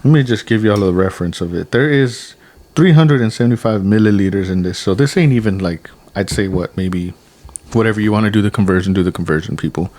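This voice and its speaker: A young man co-hosting a casual podcast chat over drinks, rambling with many restarts and animated quoted dialogue. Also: lowish voice, fast. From United States. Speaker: podcast co-host.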